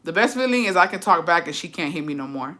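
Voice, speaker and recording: A woman's voice: on the low side, animated, quick pace, pushed and bright. A young woman streaming, chatting casually and reading comments aloud, profane and sassy, laughing often. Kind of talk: casual live-stream chat.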